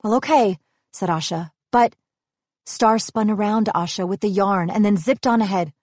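A woman reads a children's storybook aloud with a gentle, even storytelling voice. Her pitch sits in the middle of the range. The recording is dry and close, with no room sound. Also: moderate pace, no echo. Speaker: narrator. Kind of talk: storybook reading.

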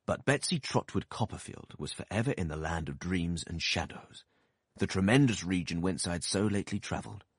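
A man narrating a classic novel as an audiobook, in an expressive, measured storytelling manner. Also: deep voice, breathy edge, dry recording, studio quality.

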